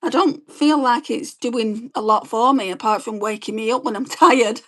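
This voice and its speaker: A woman, chatting quickly and rambling as she does her makeup and reads viewer comments on a beauty livestream. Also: a little high. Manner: fast-talking, chatty, rambling. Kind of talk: casual chat while doing makeup and reading live comments.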